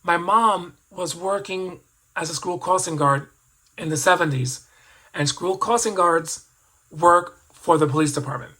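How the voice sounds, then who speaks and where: Bright-voiced man in his fifties reminiscing. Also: high-pitched, measured pace, low-quality recording. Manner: rambling, reflective, with frequent restarts and asides. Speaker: toy collector vlogger. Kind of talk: personal storytelling.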